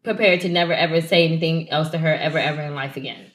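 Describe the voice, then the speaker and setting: A woman's voice: low-pitched, steady tone, fast. A young woman co-hosting a podcast, telling stories candidly and animatedly, with slang and swearing. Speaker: podcast co-host. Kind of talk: casual chat. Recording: roomy echo.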